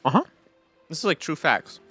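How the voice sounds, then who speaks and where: A young man co-hosting a podcast, chatting casually as he plays a video game, quick and full of asides. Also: fairly high pitch, sing-song, a bit bright, faint music behind. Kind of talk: casual let's-play commentary.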